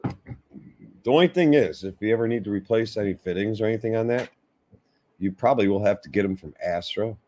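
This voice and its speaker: A man's voice: on the low side, fairly quick. Profane storytelling man. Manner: profane, animated, acts out voices in anecdotes. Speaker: host, shop worker. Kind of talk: casual chat, storytelling.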